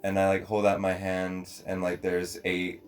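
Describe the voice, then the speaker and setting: A man's voice: low voice, completely flat delivery, moderate pace. A man playing a tabletop role-playing game, describing his character's actions in a hesitant way with many fillers. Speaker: player.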